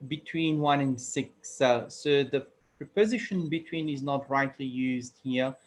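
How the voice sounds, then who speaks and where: A man speaking at a deliberate, unhurried pace, pausing on filler sounds as he works through a list of corrections. He is heard over a video call, his voice at an ordinary middle pitch. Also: a little mellow. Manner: slow, careful, with frequent filler sounds. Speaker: grammarian at a club meeting. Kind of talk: reading a meeting report.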